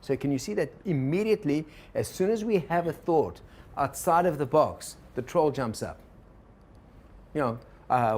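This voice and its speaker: A man teaching a workshop to a live group, relaxed and digressive, often turning to the audience with questions. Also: mid-range voice, moderate pace, breathy edge. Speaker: organizational consultant teaching a workshop.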